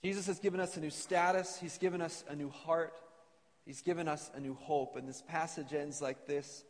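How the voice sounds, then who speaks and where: A man's voice: a little high, fairly even intonation, normal speed. A man preaching an earnest sermon to a congregation and reading scripture aloud in a church. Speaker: pastor. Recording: long reverb of a church hall.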